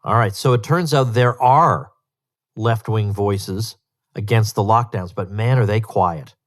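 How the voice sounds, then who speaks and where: A man's voice: lowish voice, unhurried. A man hosting a solo podcast, talking emphatically and with disbelief, often repeating words for stress. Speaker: podcast host.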